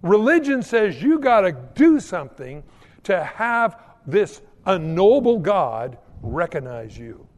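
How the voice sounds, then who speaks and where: A man preaching a sermon as a pastor, telling stories in a folksy, animated way. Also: a little high, long reverb tail. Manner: animated, folksy storytelling with mock old-English prayers.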